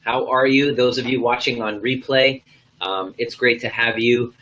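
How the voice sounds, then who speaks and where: A man's voice: mid-range voice, fairly even intonation, normal speed, rough recording. A man hosting a live video stream as a coach, enthusiastic and loose, rambling with lots of ums and uhs. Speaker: host, coach.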